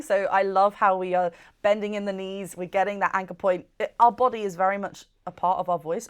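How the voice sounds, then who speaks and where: Enthusiastic woman vocal coach. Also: medium pitch. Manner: enthusiastic, explains technique, sings short demo notes. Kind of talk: reaction video with vocal analysis.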